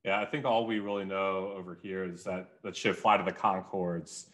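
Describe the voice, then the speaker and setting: A man's voice: sits low, fairly even intonation, moderate pace, a bit bright. A man hosting a podcast, casual and self-deprecating, with hesitant fillers. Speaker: podcast host. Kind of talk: casual interview chat.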